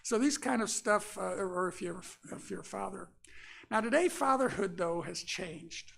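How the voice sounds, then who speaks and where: An older man from Florida, a minister giving a personal storytelling sermon in a relaxed, folksy way, pausing often with fillers. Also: sits high, gravelly. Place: church sanctuary.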